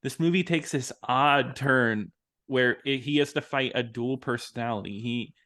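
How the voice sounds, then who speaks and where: A man co-hosting a movie review podcast, chatty and quick to laugh, sometimes asking his co-host questions. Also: mid-range voice, pushed and bright. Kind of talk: casual movie review chat.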